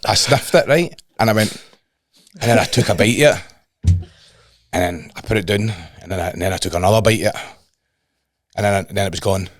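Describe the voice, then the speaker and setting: A man's voice: on the low side, fairly quick, pauses often, dry recording. A Scottish man co-hosting a casual fitness podcast, telling rambling stories, swearing and repeating himself. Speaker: fitness coach and podcast co-host. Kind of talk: casual chat.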